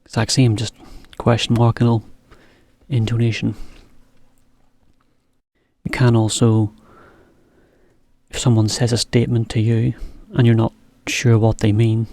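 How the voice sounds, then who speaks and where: A man giving a relaxed English lesson to Japanese learners, explaining with simple examples. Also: fairly low pitch, creaky, no echo. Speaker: English teacher.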